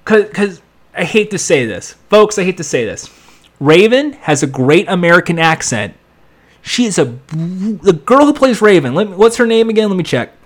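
A man's voice: high-pitched, moderate pace. A man rambling through a casual recap of a TV episode, acting out lines as he goes. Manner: rambling, animated, acts out lines. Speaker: TV episode reviewer.

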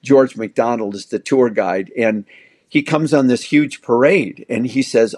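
An older man talks in a calm, measured way with many pauses as he tells stories. His voice sits in an ordinary middle range. The sound is close and dry. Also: mid-range voice, no room sound. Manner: reflective, measured storyteller with frequent "uh" pauses. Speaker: guest theologian. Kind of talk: conversational interview.

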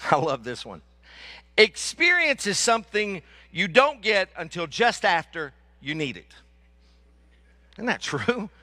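A male pastor preaching a sermon, animated and joking, repeating lines for emphasis. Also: sits high, measured pace.

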